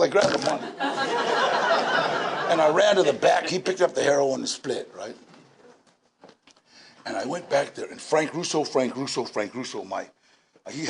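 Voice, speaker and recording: A man in his sixties telling his story at a recovery meeting, animated and laughing, with shouted bursts. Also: mid-range voice, background noise. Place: large indoor meeting room.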